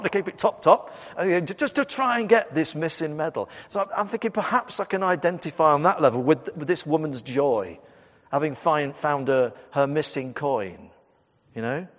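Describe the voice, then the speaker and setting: A man in his fifties, a Methodist minister, preaching a sermon in a chatty storytelling way with humour and asides to the congregation. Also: on the high side. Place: church. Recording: long church reverb.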